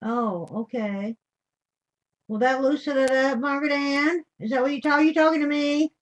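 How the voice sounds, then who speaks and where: A woman's voice: sits high, steady tone, moderate pace. An older woman hosting a live craft demonstration, chatting in a homey way and greeting viewers with endearments. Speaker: craft show host.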